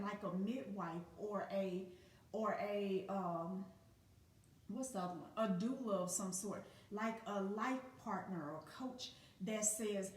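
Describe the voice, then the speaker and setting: A woman giving a casual motivational talk as a spiritual teacher, speaking bluntly and emphatically with plenty of profanity. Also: fairly high pitch. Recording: echoey room, distant from the mic.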